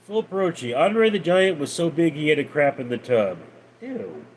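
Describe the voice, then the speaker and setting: A man hosting a casual livestream, reading out viewer messages and replying in a deadpan way. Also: on the high side, moderate pace, slight background noise. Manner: reads out viewer names and messages, deadpan replies. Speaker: livestream host reading chat.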